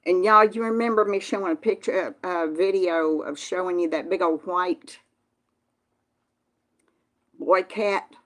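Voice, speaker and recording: Folksy Southern woman host, lowish voice, chatting live with viewers. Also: fairly even intonation, a little slow, pauses often, a bit bright. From Texas. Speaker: channel host reading live chat. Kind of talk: casual live-stream chat.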